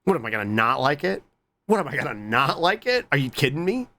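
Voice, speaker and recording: A man streaming and chatting casually with his viewers, excitable and swearing often. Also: fairly quick. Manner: excitable, swears a lot, jumps to squeaky high greetings.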